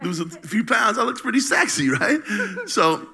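Joking man in his fifties, very bright. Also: high-pitched, big pitch swings, moderate pace, creaky, slightly rough. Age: 50s. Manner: joking, self-deprecating. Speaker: congregation member. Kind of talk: answering from the audience.

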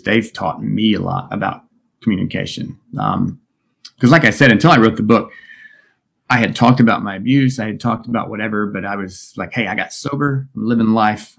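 A middle-aged man speaking as a podcast guest, talking candidly and reflectively, often pausing and restarting. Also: fairly low pitch, gravelly, a bit bright. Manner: reflective, open, halting with many restarts. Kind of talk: candid interview conversation.

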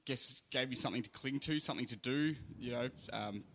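A young man with an Australian accent, a guest on a casual podcast, talking in a laid-back, halting way. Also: mid-range voice, a bit bright, a little hiss or hum.

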